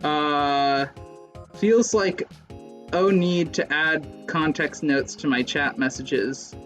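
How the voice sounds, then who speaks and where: A man's voice: a little high, slow, fairly bright tone, soft background music. A young man giving casual, rambling, self-mocking commentary while playing a racing game. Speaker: let's play streamer.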